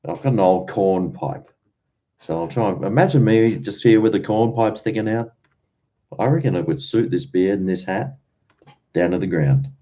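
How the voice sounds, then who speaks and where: Laid-back Australian man, low and mellow. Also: normal speed. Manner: rambling, easygoing, chuckles between thoughts. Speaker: livestream host. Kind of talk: casual late-night livestream chat. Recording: dull lo-fi stream audio.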